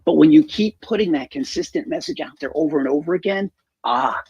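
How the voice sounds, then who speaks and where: A man's voice: fairly high pitch, fast talker, dark tone, slightly rough, dry recording, dull audio. A man as a show guest, earnestly explaining an idea and repeating his key points. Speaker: guest speaker. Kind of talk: conversational advice talk.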